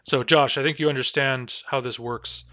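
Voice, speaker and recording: Careful, bright-voiced man teaching a class. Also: mid-range voice, fairly even intonation, dry recording. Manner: slow, careful explanations with many fillers. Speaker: language teacher. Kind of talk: online language class.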